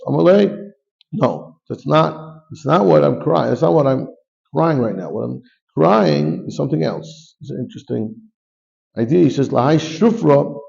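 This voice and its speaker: A man's voice: fairly high pitch, gravelly, mellow, muffled recording. A man giving a Talmud class, reading Aramaic phrases and explaining them in English with frequent restarts. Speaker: rabbi teaching Talmud.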